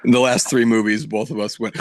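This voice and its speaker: A man in his thirties co-hosting a casual podcast, full of teasing jokes and quick asides. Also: fairly low pitch, level tone, no echo. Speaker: podcast co-host. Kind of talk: casual chat.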